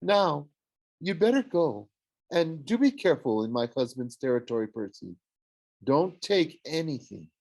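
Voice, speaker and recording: A man's voice: fairly high pitch, sing-song, a little slow, darkish tone, voice pushed up, exaggerated voice. A man voicing a dramatic, swooning goddess of love in an audiobook, gushing and theatrical. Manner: gushing, theatrical, sing-song. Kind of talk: audiobook character voice.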